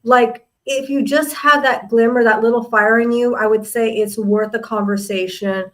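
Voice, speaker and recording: A woman's voice: on the high side, steady tone, moderate pace, a bit bright, poor audio. A middle-aged woman hosting a live interview show, speaking in an effusive, chatty way and full of praise for her guests. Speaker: host.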